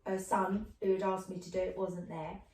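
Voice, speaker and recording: Animated middle-aged woman telling stories. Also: mid-range voice, moderate pace. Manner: animated storyteller, acts out voices of people in her stories. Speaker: podcast guest, clairvoyant medium. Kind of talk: casual storytelling chat. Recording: roomy, distant mic.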